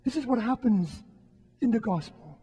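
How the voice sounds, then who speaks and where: A priest delivers a homily in a soft, husky, mellow voice. He speaks gently and reflectively, pausing often. The sound rings with the long reverb of a church. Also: extremely high pitch, lively intonation. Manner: gentle, reflective, with frequent pauses. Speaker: Catholic priest giving a homily. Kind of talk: sermon. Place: church during Mass.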